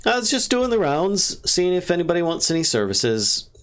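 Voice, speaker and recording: A man's voice: high-pitched, sing-song, moderate pace, fairly bright tone, smooth, pitched above the performer's own voice. A man voicing a dwarf woman who is a businesslike guard selling protective wards, in a tabletop game. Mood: friendly. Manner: businesslike, folksy talk. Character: dwarf woman, brisk guard and ward-seller.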